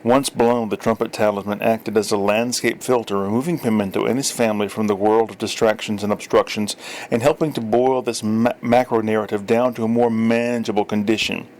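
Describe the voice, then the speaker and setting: A man's voice: medium pitch, darkish tone, a little hiss or hum. Wry man reading a story. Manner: wry, dry storytelling with small self-corrections. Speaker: story reader. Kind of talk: audiobook narration.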